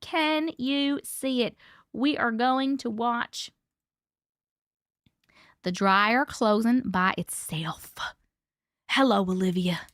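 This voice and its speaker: A woman with a high voice runs a relaxed live stream from home and chats with her viewers as she goes. She sounds playful, laughs a lot and swears lightly, with a slight cough here and there. The sound is dry and close, with little room echo. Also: takes it slowly, pauses often. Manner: chatty, playful, laughs often, swears casually. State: coughing, needs a cough drop. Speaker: livestream host reading viewer stories.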